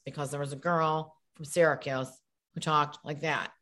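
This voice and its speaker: A woman's voice: deep voice, a little fast. A middle-aged woman, an actress and comedian, chatting as an interview guest and acting out quotes in voices. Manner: animated storyteller, acts out quotes in voices.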